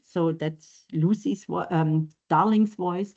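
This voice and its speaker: A woman lecturer gives a seminar talk in a university room, speaking slowly and with measured thought. Her voice is mellow and low-key, with frequent pauses on um and uh. The recording is dull and lo-fi.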